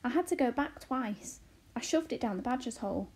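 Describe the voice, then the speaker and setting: A woman's voice: fairly high pitch, animated, fairly quick, a little mellow, slightly rough. A woman reading aloud, voicing a blunt, wary young boy with plain, matter-of-fact replies.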